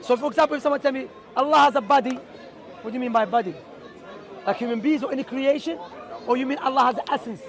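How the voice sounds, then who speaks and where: A man's voice: extremely high pitch, fast talker, fairly bright tone, some chatter behind. A man preaching on theology outdoors in a city, emphatic and full of rhetorical questions. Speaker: Islamic preacher. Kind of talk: outdoor street talk on theology.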